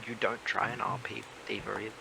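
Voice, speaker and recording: Gravelly low guy playing a tabletop game, lots of hiss on his mic. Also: little pitch movement, fairly quick, pushed and bright, poor audio. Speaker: player.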